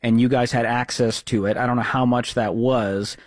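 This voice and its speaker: A man's voice: mid-range voice, fairly even intonation, moderate pace, dry recording, studio quality. A man hosting an advice talk radio show, direct and reassuring with callers. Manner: direct, reassuring, recaps the story.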